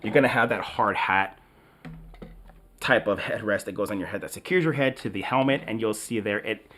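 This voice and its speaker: A man's voice: lowish voice, normal speed, fairly bright tone, slight background noise. A man chatting enthusiastically to his viewers while reviewing a toy helmet. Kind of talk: product review vlog.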